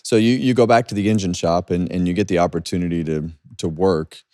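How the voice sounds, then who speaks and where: A man hosting a podcast, asking halting questions and adding short replies. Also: low voice, fairly even intonation, a little mellow, dry recording, studio quality. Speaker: podcast host. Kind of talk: casual interview.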